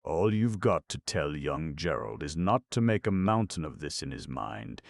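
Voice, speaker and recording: Storybook gent: man playing a gruff, blunt friend; very deep, dry. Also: very animated, moderate pace, no echo, exaggerated voice. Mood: chatty.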